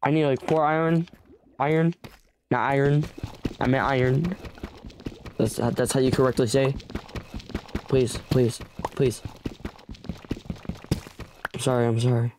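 A young man narrating his own survival game as he plays. He talks in a frantic, pleading rush, bargaining with whatever is chasing him. His voice sits at an ordinary middle pitch. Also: fairly even intonation, a little slow, long pauses, background noise. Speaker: gamer. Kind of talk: let's play commentary.

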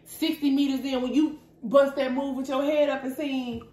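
A woman's voice: high-pitched, little pitch movement, moderate pace, warm tone, reverberant, poor audio. Blunt, profane tipsy woman podcaster. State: tipsy, hiccuping. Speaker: podcast co-host. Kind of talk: casual chat.

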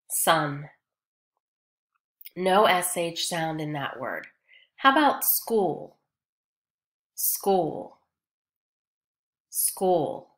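A woman teaching young children phonics, repeating each word slowly and encouraging them. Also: fairly low pitch, a bit bright. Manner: slow, drawn-out word repetition with encouraging prompts. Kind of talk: early-grade phonics lesson.

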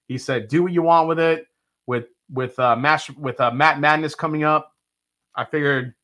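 A man's voice: a little high, bright, forceful tone. A man hosting a live bourbon tasting stream, chatting casually and reading viewer comments aloud with frequent laughs.

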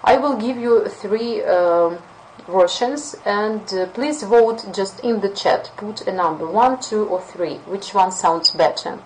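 A woman English teacher with a Russian accent running a webinar lesson, lively and playful as she acts out example phrases. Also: mid-range voice, slow pace, a little hiss or hum, low-quality recording.

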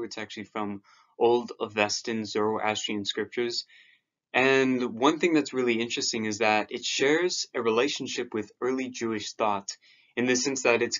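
Man, mid-pitched, halting self-taught lecturer; slightly muffled lo-fi recording. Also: a bit bright. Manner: hesitant, with fillers and repeated restarts. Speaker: video lecturer. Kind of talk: explanatory lecture on scripture.

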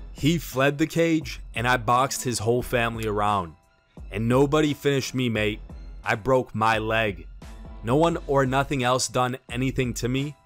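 A man narrating sports news in a steady, scripted read-aloud delivery. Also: mid-range voice.

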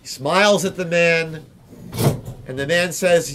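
A rabbi telling a teaching story in a slow, deliberate way, repeating key phrases. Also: male voice, fairly high pitch, a bit bright, a little hiss or hum. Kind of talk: storytelling lesson.

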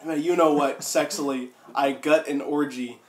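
A man's voice: fairly high pitch, fairly even intonation, normal speed, a crowd in the background. A man giving an exaggerated comedic reading with friends, jumping between silly voices and asides, his throat sore from coughing. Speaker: comedic reader. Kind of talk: mock dramatic reading with friends. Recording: echoey room.

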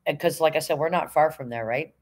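A woman's voice: sits low, fairly quick, slightly rough. A middle-aged woman from Canada hosting a casual live stream, chatting and greeting viewers by name in a rambling, friendly way. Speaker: livestream host.

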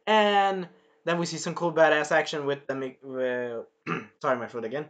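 An animated man chatting through an episode recap with a bright, forceful voice set slightly high. He swears freely and breaks into acted lines and sound effects as he goes. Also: moderate pace, muffled recording. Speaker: show reviewer.

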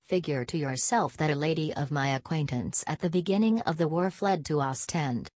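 Brief: fussy, vain old sleuth as voiced by a low-voiced woman, theatrical, French asides, dry booth sound. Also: moderate pace, a little mellow, no echo. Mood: lecturing. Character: fussy, vain older male detective. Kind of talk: audiobook character reading.

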